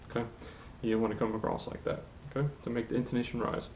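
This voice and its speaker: A man teaching a French lesson, explaining slowly, saying "okay" a lot and repeating each model phrase twice. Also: medium pitch, level tone, highs cut off, a little hiss or hum. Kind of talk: classroom lesson.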